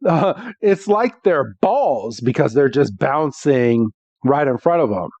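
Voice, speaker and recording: A man's voice: mid-range voice, expressive, slow pace, a little mellow, no room sound. A man voicing an eager young male cartoon trainer in a slightly raised voice. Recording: dull dry lo-fi.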